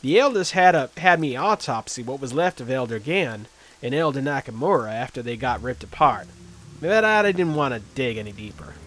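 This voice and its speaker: A man's voice: mid-range voice, lively intonation, normal speed, a bit bright. A man voicing a chatty, cheerful male orc street surgeon in a video game, friendly and joking. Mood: eager.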